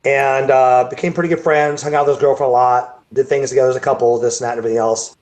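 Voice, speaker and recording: Talking fast in a steady, medium-pitched, slightly mellow voice, the bodybuilding promoter spins a meandering tale on a video call, circling back on words and restarting lines in this casual interview.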